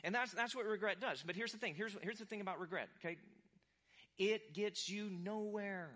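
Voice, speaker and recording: Bright-voiced animated male preacher. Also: sits high, racing. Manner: animated, acts out quoted voices. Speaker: pastor. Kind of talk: sermon.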